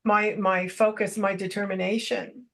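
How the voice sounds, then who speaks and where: A middle-aged woman, a podcast guest, telling personal stories in a casual, animated way. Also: medium pitch, normal speed. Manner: animated anecdotal storytelling. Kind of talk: casual storytelling.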